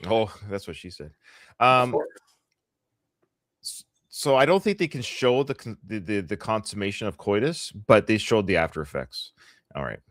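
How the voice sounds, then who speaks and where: A man's voice: lowish voice, animated, moderate pace, long pauses, fairly bright tone, dry recording, clean studio sound. A middle-aged Canadian man co-hosting a live podcast, chatting casually with a joking, rambling, sarcastic manner. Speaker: podcast co-host.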